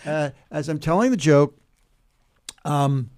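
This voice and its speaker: A man in his seventies explaining humor in conversation and telling a joke slowly, step by step, with pauses. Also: fairly high pitch. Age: 70s. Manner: animated, builds jokes slowly with pauses.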